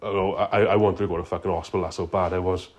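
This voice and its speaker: A man with a deep, very low voice tells a meandering phone-in story. He drops swear words into almost every phrase, loose and unhurried. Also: flat delivery. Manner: profane, swears constantly. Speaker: caller.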